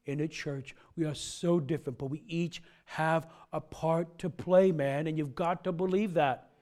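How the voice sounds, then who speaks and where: High-voiced chatty man preaching. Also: fairly even intonation, measured pace, a little mellow. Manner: chatty, rambling, with many asides. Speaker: pastor. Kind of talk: casual joking sermon.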